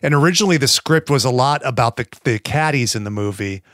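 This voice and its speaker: A man's voice: medium pitch, expressive, quick pace, a bit bright, no room sound. Man, american, podcast co-host, casual rambling chat, profane, playful, dry sound. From United States. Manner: rambling, profane, playful, drops into mock accents.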